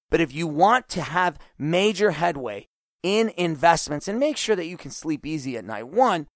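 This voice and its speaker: A middle-aged man hosting a podcast, talking casually and acting out quoted voices with lively swings. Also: a little high, no room sound, clean studio sound. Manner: animated, acts out quoted voices. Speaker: podcast host.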